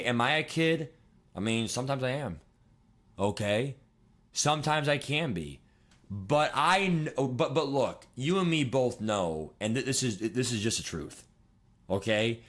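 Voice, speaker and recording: A man in his twenties chatting casually on a livestream, rambling and excitable, swearing and laughing as he talks. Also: medium pitch, unhurried, gravelly. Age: 20s. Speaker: streamer.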